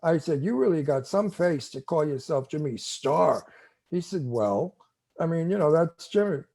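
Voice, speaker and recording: An older man with a tough Brooklyn New York accent tells a story in a casual interview. His voice sits a little high but sounds mellow and warm, and he acts out what people said. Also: normal speed, creaky. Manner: animated storyteller, acts out quotes. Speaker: TV show host, interviewee.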